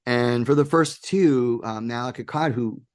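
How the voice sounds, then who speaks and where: A man of middling pitch tells stories as an interview guest. He talks excitedly and animatedly, with many ums and restarts, in an easy, conversational way. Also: a little slow. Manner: excited, animated anecdotes with frequent fillers. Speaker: guest, game producer. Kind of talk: casual interview storytelling.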